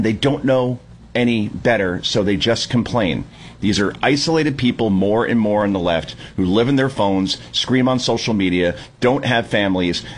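A man hosting a Sunday morning talk radio show, giving an opinionated, sarcastic monologue that climbs into yelling. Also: lowish voice, a little hiss or hum. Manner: animated, sarcastic, prone to yelling. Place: at the shore.

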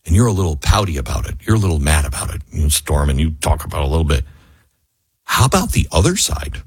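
A man hosting opinionated political talk radio, emphatic and animated, who mockingly acts out what others say. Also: a bass voice, fast, breathy edge, dry recording.

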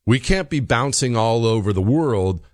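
A man hosting a radio talk show, delivering an emphatic political commentary monologue and slowing down to stress his points. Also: mid-range voice, no echo, studio quality. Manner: animated, emphatic, slows down for emphasis.

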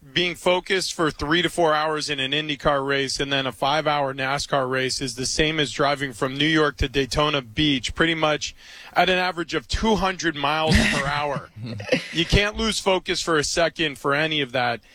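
A man's voice: fairly high pitch, bright, forceful tone, no echo, rough recording. A man on a sports talk show, speaking earnestly and with emphasis.

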